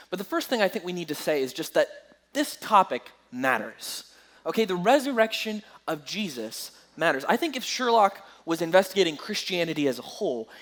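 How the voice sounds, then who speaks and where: A young man giving a Christian apologetics talk, engaging a live audience with questions. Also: on the high side. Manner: lively, engaging the crowd with questions. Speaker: Christian speaker.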